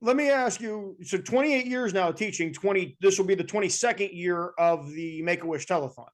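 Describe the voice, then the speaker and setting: A man's voice: high-pitched, normal speed. A man hosting an interview who often restarts his sentences while asking questions. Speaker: interviewer host. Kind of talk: casual interview chat.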